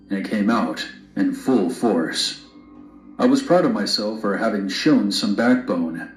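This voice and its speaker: A man narrating a first-person horror story in a blunt, wry way. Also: on the low side. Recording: roomy narration played back.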